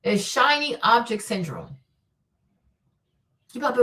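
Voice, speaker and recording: A woman hosting a livestream, giving blunt, profane, animated commentary on relationships. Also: on the high side, moderate pace, recorded from a distance, rough recording. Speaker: livestream host.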